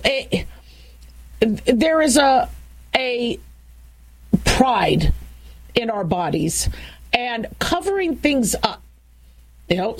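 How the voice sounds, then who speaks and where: A woman's voice: fairly high pitch, rough recording. A middle-aged woman hosting a talk show, speaking frankly and chattily with many restarts and asides. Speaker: talk show host, doctor. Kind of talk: casual talk radio monologue.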